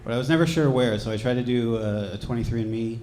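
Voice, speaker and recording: A man from Georgia doing a stand-up set, wry and deadpan, with throwaway asides. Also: mid-range voice, quick pace, slight background noise. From Georgia, USA. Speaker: stand-up comedian. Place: comedy club stage. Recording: echoey club with loud crowd laughter. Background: audience laughing.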